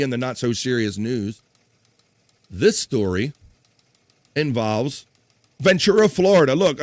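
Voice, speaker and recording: A man's voice: medium pitch, dry recording. Male stream host, casual and rambling, jokes with chat, dry mic. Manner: rambling, jokey, talks to chat by name.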